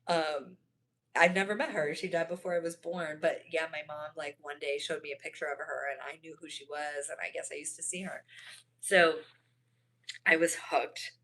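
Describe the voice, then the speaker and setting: A young woman with a low voice talks casually on a livestream and answers comments from her viewers. Her talk rambles, full of fillers, restarts and asides. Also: steady tone, normal speed, a bit bright. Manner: rambling, chatty, many fillers and self-corrections.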